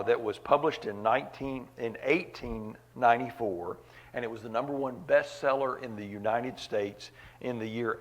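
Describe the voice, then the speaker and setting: A man preaching a sermon at a church meeting, earnest, repeating key phrases for weight. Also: mid-range voice.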